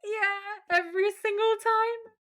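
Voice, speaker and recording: A woman's voice: very high-pitched, steady tone, slow, a bit bright. A woman co-hosting a podcast, recapping a TV episode in casual chat and laughing often. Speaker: podcast co-host.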